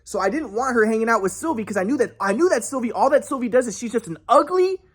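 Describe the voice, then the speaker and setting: A man's voice: very high-pitched, lively intonation, fast, husky. A young man telling a personal story in an agitated, rambling way, cursing often and restarting his sentences. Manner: agitated, profane, many restarts.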